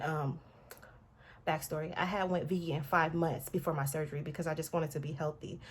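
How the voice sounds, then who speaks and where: A young woman vlogging, chatting to her viewers in a slightly low voice. She tells her story animatedly and jumps into quoted voices. Faint noise sits under the recording. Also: a little mellow.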